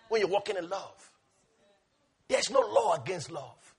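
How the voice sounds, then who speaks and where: A male preacher delivering a passionate sermon. He swings between shouted, repeated declarations and hushed, quiet urging. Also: sits high, very animated, measured pace, creaky, pauses often, husky. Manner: repetitive, emphatic.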